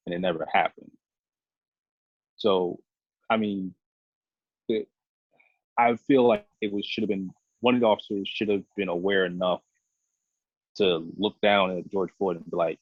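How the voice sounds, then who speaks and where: Police officer, podcast co-host, deep husky voice, earnest rambling delivery, dry tinny phone-like sound. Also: male voice, moderate pace, dry recording. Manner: earnest, rambling explanations full of restarts. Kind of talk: casual podcast discussion.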